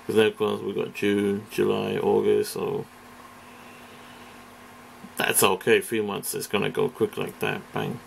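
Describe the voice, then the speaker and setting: A man's voice: on the low side, completely flat delivery, a little slow, gravelly, pauses often, a little hiss or hum. A man from Britain ranting in a casual vlog, profane and rambling, hesitating often. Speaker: vlogger. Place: indoors, face off camera.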